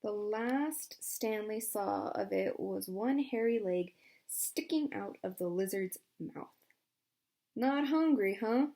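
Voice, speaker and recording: Woman reading a storybook aloud. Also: takes it slowly. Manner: shifts pitch and loudness for each character. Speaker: audiobook reader. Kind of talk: storybook narration with character voices.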